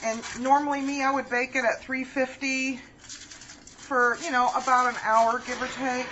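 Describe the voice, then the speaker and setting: A woman chatting casually through a home cooking demonstration, homey and full of ums. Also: mid-range voice. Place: home kitchen. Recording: dull lo-fi home video with faint background hum.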